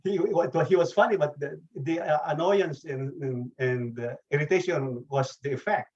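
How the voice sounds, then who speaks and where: A man in the audience asking a question, halting and restarting often, on a dull lo-fi video-call line. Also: on the high side, darkish tone.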